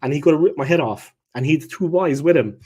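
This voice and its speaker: A man, co-hosting a casual football chat and telling lively stories, often checking in with "yeah?". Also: on the high side, fast talker, breathy edge. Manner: animated anecdote teller, checks in with "yeah?". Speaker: co-host.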